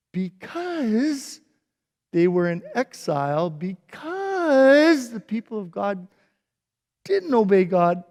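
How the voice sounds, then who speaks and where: A Sunday school teacher telling a Bible story to children in a playful, animated way. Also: male voice, high-pitched, vocal fry. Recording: echoey hall.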